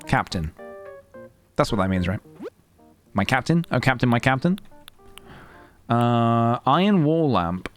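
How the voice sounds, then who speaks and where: A man's voice: medium pitch, big pitch swings, a little slow, pauses often. A young man chatting playfully and rambling while live-streaming a game, breaking into sing-song noises. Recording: faint guitar music behind.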